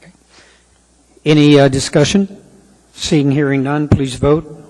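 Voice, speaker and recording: A man serves as chair of a municipal assembly, calling votes and recognizing members in short, brisk phrases. His voice sits slightly higher than usual, and a long reverb from the council chamber trails after each word. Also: level tone, darkish tone. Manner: brisk procedural calls.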